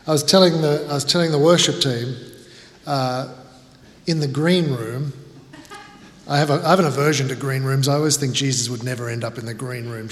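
A man's voice: medium pitch, slight background noise. Australian male guest preacher, conversational storyteller, big reverberant chapel. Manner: chatty, self-deprecating, many restarts. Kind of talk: sermon with casual storytelling. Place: large chapel hall. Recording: chapel sermon with long hall reverb.

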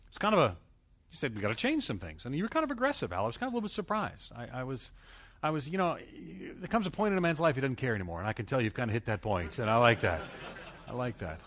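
Animated American man preaching. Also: medium pitch, racing. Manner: folksy storytelling with many restarts and fillers. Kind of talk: sermon.

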